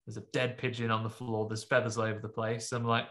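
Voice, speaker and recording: A man's voice: mid-range voice, flat delivery, a little fast, hardly any pauses, a bit bright. A man hosting a podcast, rambling through a film recap in jokey, casual chat full of fillers. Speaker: podcast host.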